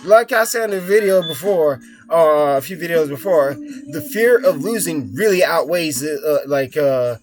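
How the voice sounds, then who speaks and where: A man's voice: on the high side, lively intonation, moderate pace. A young man giving a blunt, profane, rambling motivational talk as the host of his own videos. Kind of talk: casual motivational monologue. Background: soft music playing.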